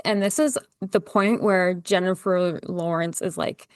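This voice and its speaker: A woman's voice: mid-range voice, fairly even intonation, a little slow, few pauses, darkish tone, no room sound. A woman guest on a podcast, a gardener who chats casually, fills her talk with "like" and acts out quoted lines with animation. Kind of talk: casual chat.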